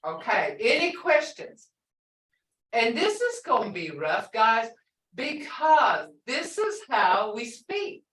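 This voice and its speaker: In a classroom, a female language teacher patiently explains vocabulary and repeats phrases, taking it slowly. Her voice is on the high side, very animated and a bit bright, heard distantly in an echoey room.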